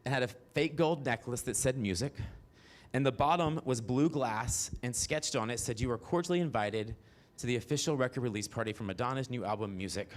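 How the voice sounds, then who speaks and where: A man in his forties from the American South, telling brash, profane stories on a theater stage with sudden high squeals. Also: brisk. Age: 40s. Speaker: stand-up storyteller. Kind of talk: stand-up comedy storytelling.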